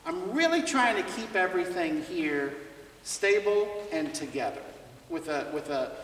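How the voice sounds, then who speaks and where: A man's voice: high-pitched, big pitch swings, unhurried, fairly bright tone, far from the mic, slight background noise. Man teaching in an echoey hall. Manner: conversational, asks students questions, laughs often. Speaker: visiting jazz trumpet clinician. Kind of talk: teaching a clinic. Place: school music room or hall.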